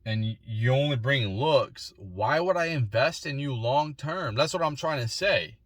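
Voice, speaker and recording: A man's voice: mid-range voice, lively intonation, measured pace, a bit bright, no echo. A man in his forties giving a rambling, opinionated solo monologue with frequent restarts and repeated words. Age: 40s. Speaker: vlogger.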